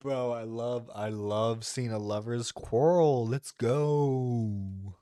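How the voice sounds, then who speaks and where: A streamer reacts to a livestream clip, laughing and crudely mocking it for his chat. His mid-range voice is slow and dark in tone, captured in clean studio sound with no echo.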